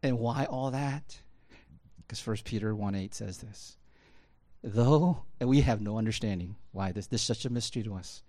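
A man's voice: on the low side, normal speed, a little mellow. A man pastor preaching a sermon in a casual, conversational way, often checking in with "right?" and building to impassioned emphasis.

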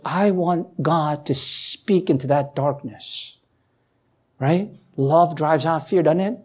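A woman preaching a sermon who reads scripture aloud and asks the listeners questions. She climbs to emphatic peaks, then drops low and quiet. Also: breathy edge.

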